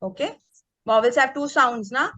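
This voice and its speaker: A woman's voice: sits high, animated, moderate pace, fairly bright tone, dry recording, rough recording. A woman leading an online teacher workshop. She speaks with energy and keeps checking in with the group by asking "okay?". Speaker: teacher trainer. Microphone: video call.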